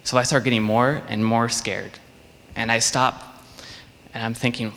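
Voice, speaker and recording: Storytelling man for a children's sermon, lively, does little voices, in a hall with a long echo. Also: mid-range voice, measured pace, vocal fry, a little hiss or hum. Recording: long reverb of a large hall.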